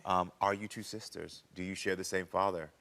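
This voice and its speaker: A man hosting a talk show, gently probing his guests with questions and showing his own emotions openly. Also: low-pitched, steady tone, fairly quick, vocal fry.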